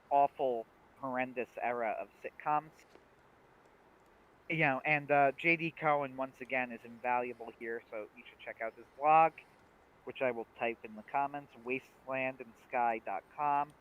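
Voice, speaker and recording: A man co-hosting a livestream in casual chat, retelling scenes with lively acted-out quotes. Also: medium pitch, moderate pace. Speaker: livestream co-host. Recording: dull lo-fi stream audio.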